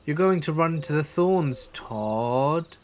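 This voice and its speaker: Creepy unseen woods mimic, man doing it, high, loud, drawn-out calls, storybook horror. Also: expressive, a little hiss or hum. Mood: eerie calling. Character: unseen mimicking thing calling from dark woods.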